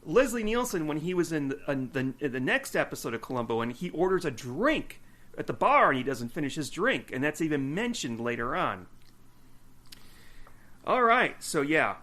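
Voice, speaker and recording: A man's voice: a little high, sing-song, moderate pace, sharp tone. A man in his forties co-hosting a podcast, chatting casually with a teasing, mock-stern manner. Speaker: podcast co-host. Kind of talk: casual chat.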